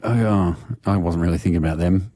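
A man co-hosting a radio show, playful and excitable with frequent laughs. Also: low voice, a little fast. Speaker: radio co-host. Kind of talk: casual radio chat.

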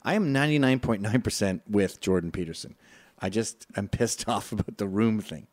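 A man's voice: on the low side, moderate pace, darkish tone. A man hosting a casual comedy talk show, telling stories with swearing and acting out voices. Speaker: podcast host.

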